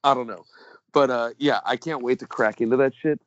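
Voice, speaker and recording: A man's voice: mid-range voice, fairly quick, no room sound. A man co-hosting a podcast in casual chat, rambling with lots of fillers and jokes. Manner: rambling, filler-heavy, jokey. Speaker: podcast co-host. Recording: dull lo-fi dry sound.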